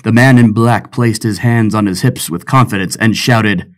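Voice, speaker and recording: A man narrating an adventure audiobook with expressive storytelling. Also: on the low side, normal speed.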